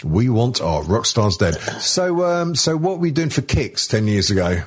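A man co-hosting a comedy podcast, talking in a halting way with lots of ums, restarts and swearing. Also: mid-range voice, very animated, slightly rough. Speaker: podcast co-host. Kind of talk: casual comedy chat.

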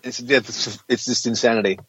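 A man co-hosting a casual, sweary comedic chat, talking in an exasperated, animated way. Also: medium pitch, a little fast, husky, no room sound, highs cut off. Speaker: podcast host.

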